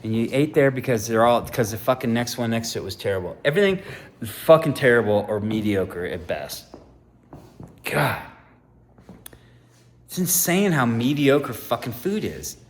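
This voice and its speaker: A man in his fifties, a contractor, swearing constantly in a personal rant to camera, swinging from loud outbursts to quiet musing. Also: mid-range voice, very animated, moderate pace, pauses often, a little hiss or hum. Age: 50s. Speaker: contractor and aspiring sandwich maker.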